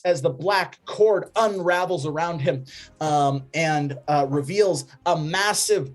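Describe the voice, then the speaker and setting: A game master narrating a tabletop game, describing scenes with many pauses and fillers. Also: mid-range voice, lively intonation, faint music behind.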